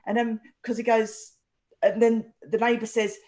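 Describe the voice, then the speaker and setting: A woman's voice: on the high side, measured pace. A woman co-hosting a casual chat, telling a rambling story and acting out the quoted lines. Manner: rambling, animated retelling with acted quotes. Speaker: co-host.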